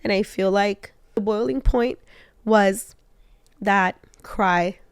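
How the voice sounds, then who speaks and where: Laughing woman telling a story, gravelly. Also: mid-range voice, takes it slowly, no echo, studio quality. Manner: animated, laughs often, acts out quoted lines. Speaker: co-host of a couple's talk show. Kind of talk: candid personal storytelling to her husband.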